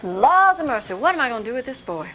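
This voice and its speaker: A woman's voice: a little high, big pitch swings, fast, pushed and bright, a little hiss or hum. A woman voicing a scolding, exasperated rural mother.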